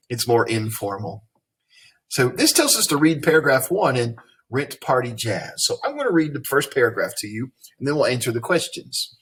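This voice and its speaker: A man with a Tennessee Southern accent teaches a reading lesson in a folksy manner. His voice is husky and sits in a middle pitch, and he often checks in with leading questions. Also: sing-song, moderate pace, fairly bright tone. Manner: folksy, explains then asks leading questions.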